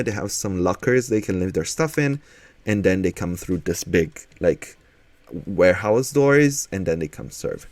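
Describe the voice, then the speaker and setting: A man's voice: deep voice, darkish tone, no room sound. A man streaming casually, chatting and thinking aloud as he builds in a game, with a manner.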